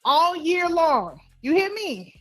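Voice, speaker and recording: A woman's voice: extremely high pitch, sing-song, slow, a bit bright, no room sound, soft background music. A woman calling into a live show, bossy and teasing in an auntie way. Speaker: caller. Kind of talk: phone-in chat on a live show.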